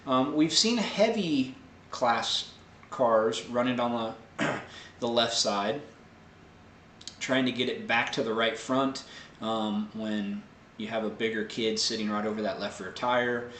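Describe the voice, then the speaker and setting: A man hosting a live question-and-answer show, explaining technical answers in a relaxed way with many fillers. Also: mid-range voice, slow pace, reverberant, slight background noise. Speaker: host answering viewer tech questions. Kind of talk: casual live Q&A.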